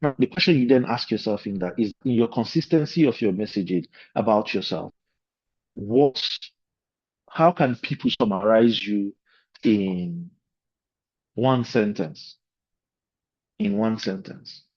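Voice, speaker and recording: A man's voice: fairly low pitch, expressive, moderate pace, a little mellow, dry recording. A man giving an informal lecture to a leadership course, talking in loose, discursive asides. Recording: slightly dull, lo-fi recording.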